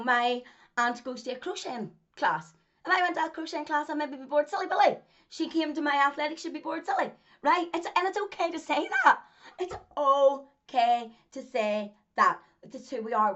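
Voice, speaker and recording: A woman's voice: a little high, a bit bright, muffled recording. A Northern Irish woman, a former track athlete, talking to camera in a casual monologue, hammering her points with repetition and frequent laughs. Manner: emphatic, repeats points, laughs often.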